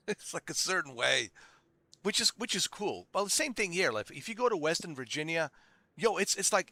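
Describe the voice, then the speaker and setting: A man's voice: fairly high pitch, very animated, moderate pace, sharp tone, dry recording. A man giving casual, rambling gameplay commentary, full of "like" fillers. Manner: rambling, heavy "like" fillers, chatty. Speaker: gaming video creator.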